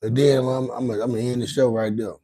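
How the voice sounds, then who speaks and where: A man's voice: mid-range voice, level tone, brisk, warm tone, low-quality recording. Guy running a late night livestream, cussing, rambling on, keeps repeating himself, laid back chat. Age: adult with grown children. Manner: rambling, profane, repeats and restarts a lot. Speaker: livestream host.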